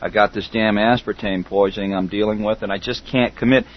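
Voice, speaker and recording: Halting middle-aged man on lo-fi audio. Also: fairly low pitch, steady tone. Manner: halting, full of fillers and restarts. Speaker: host. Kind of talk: casual internet radio chat. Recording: dull lo-fi call audio.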